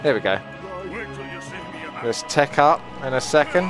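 A man's voice: mid-range voice, lively intonation, takes it slowly, long pauses, music in the background. A man hosting a gaming channel, casually commentating his match with chatty, joking, self-deprecating remarks while thinking aloud. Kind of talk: casual live game commentary.

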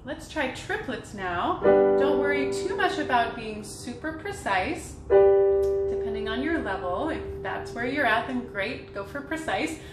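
Voice teacher, young woman, slightly high voice, unhurried and gentle; roomy sound, piano behind. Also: expressive. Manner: slow, gentle guiding talk with sung demonstrations. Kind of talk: vocal warm-up instruction.

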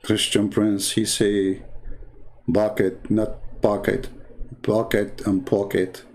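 A Middle Eastern man with an Arabic accent and broken English grammar, a religious debate commentator, rants slowly in a fairly low, level voice. His monologue is sarcastic and mocking.

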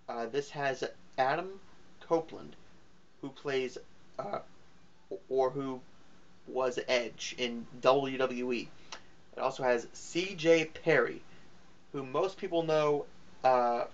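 A man's voice: mid-range voice, lo-fi sound. A man giving a casual spoken movie review in a rambling, offhand way, full of fillers and self-corrections. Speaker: film reviewer.

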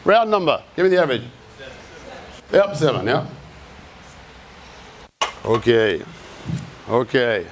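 Very animated yet a little slow, this mid-range male voice pauses often over a faint hiss or hum. An Australian speaker at a creative talk addresses a live audience in an event room, casual and blunt, cursing freely and quizzing the crowd.

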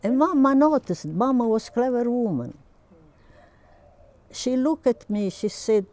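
An older woman, recalling her past slowly in broken, tearful English. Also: a little high, sing-song, darkish tone. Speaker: interviewee. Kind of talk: personal recollection.

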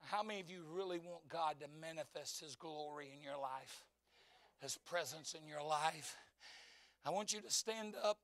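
A man in his fifties preaches in church with a high, bright, ringing voice. He drops to a quiet storytelling murmur and then climbs to impassioned shouting. His voice is close and dry, with little room sound. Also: normal speed, dry recording. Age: 50s. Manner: swings from hushed storytelling to fervent shouting. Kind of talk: sermon.

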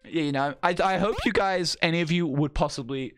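A man with a hoarse, worn-out voice hosts a live stream. He calls the action loudly and excitably. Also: a little high, brisk, over music. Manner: excitable, shouts play-by-play. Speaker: streamer and event host.

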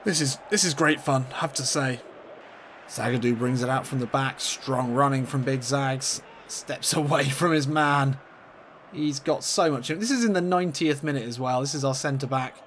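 A man commentating his own football video game match in a playful mock-commentator style, getting excitable and leaping up in pitch at chances. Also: normal speed, slight background noise. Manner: excitable, jumps high in pitch at chances, laughs often.

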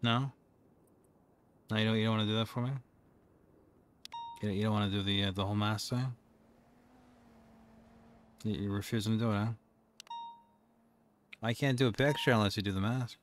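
A young man playing a police officer in an online game role-play, talking calmly and coaxingly with dry jokes. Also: on the low side, moderate pace, long pauses, slight background noise. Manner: calm, coaxing, dryly joking.

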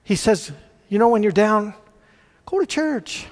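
A man preaching a sermon as pastor, earnest, swinging between loud emphasis and hushed quiet. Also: sits high, expressive, measured pace. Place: church sanctuary. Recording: church hall reverb.

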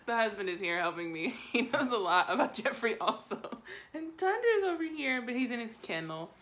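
Gushing, bright-voiced young woman unboxing. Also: fairly high pitch, sing-song, fairly quick. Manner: gushing, gasping, giggly. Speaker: YouTuber unboxing makeup. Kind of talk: excited casual unboxing chat. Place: home room.

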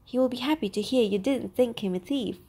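A woman's voice: fairly high pitch, brisk, warm tone, slightly rough, pitched above the performer's own voice. A woman voicing a polite, reassuring young man in a storybook reading.

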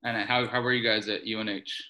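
A man's voice: on the low side, little pitch movement, brisk, bright, forceful tone. A man hosting a casual interview, asking short follow-up questions. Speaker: interview host.

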